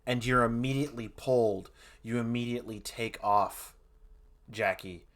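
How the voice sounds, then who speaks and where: A man running a tabletop horror game as game master, narrating scenes in a measured, slowed-down way. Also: mid-range voice, fairly even intonation, fairly bright tone.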